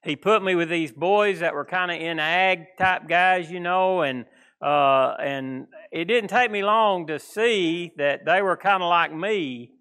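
A male pastor with a country East Texas accent, his voice pitched high and ringing with a bright, forceful edge. He preaches loosely and conversationally, wandering through homespun stories and country phrasing. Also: unhurried. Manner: folksy, rambling, plainspoken with country phrasing. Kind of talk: informal sermon.

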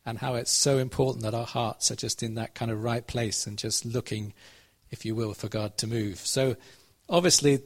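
This preacher delivers a conversational sermon, telling a Bible story and asking his audience questions as he goes. His medium-pitched voice keeps a fairly even intonation at a normal speed, with hardly any pauses.

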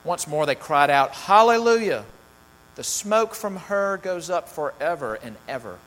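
There's a faint mains hum and long hall reverb as a man delivers his sermon in a slightly high, expressive, fairly bright voice at a moderate pace. As pastor, he reads scripture with mounting emphasis before praying and chatting loosely with fillers.

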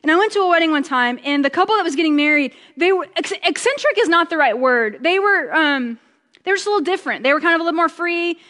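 Woman pastor giving a chatty sermon, pretty high voice, jokes around then slows way down to make a point, long church echo. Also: animated, bright, forceful tone. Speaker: preacher. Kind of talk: conversational sermon.

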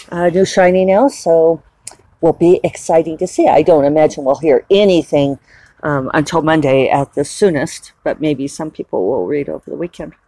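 A woman's voice: sits low, mellow, no room sound. Chatty woman with a dry, close sound. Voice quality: chatty, rambling, laughs often. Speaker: author and vlogger. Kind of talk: casual chat.

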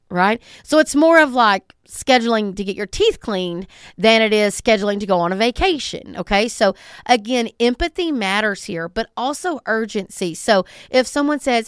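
Brief talkative woman, smooth voice. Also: fairly high pitch, expressive, normal speed, no echo, studio quality. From Southern United States. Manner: conversational, emphatic, acts out callers. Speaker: podcast host. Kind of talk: solo podcast talk.

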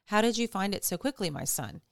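A woman reading the lines of an old blind father, gently questioning. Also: medium pitch, expressive, brisk, no room sound, clean studio sound, natural voice. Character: old blind father Isaac, frail and wary.

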